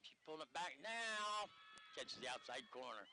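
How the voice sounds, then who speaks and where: A man calling a local softball game on the radio, joking and rambling between pitches at an outdoor field. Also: big pitch swings, moderate pace, background noise. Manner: jokey, rambling banter. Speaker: radio sports commentator.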